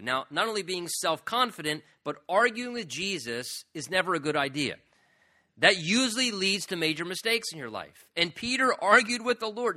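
Bright-voiced emphatic male preacher. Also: lively intonation, normal speed. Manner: emphatic, acts out quoted lines with rising pitch. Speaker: pastor. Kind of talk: sermon.

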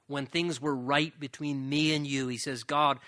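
A man preaching with a bright, forceful voice that sits a little high for a man. He speaks earnestly, repeats phrases for emphasis and slows down on the key lines. The sound is dry and close, with no room echo. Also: little pitch movement. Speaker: pastor. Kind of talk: sermon.

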